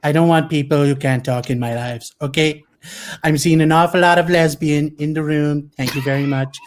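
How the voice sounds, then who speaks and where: A man's voice: on the high side, steady tone, moderate pace, close to an everyday voice. A man doing an impression of a blustering older male politician, rambling and throwing insults in a self-important way over a video call. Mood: mocking.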